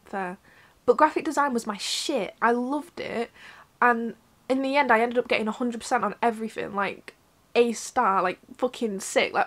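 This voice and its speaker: A woman's voice: fairly high pitch, fairly bright tone. A young woman talking candidly to her camera at home, frank and rambling, swearing often, close to tears. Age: young adult. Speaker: vlogger. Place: indoors at her mother's home.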